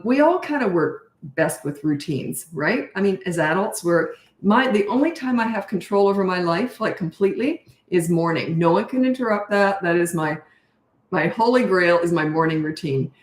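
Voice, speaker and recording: A woman's voice: fairly low pitch, expressive, normal speed, echoey room. Frank woman in her sixties. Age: 60s. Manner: frank, conversational, reads out viewer questions. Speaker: parenting coach. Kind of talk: live-stream Q&A.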